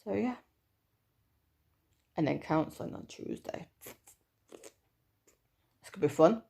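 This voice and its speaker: A woman's voice: on the low side, lively intonation, takes it slowly, gravelly, mellow, breathy edge. A woman in her thirties giving a chatty, hesitant personal vlog update with lots of fillers. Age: 30s. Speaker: vlogger.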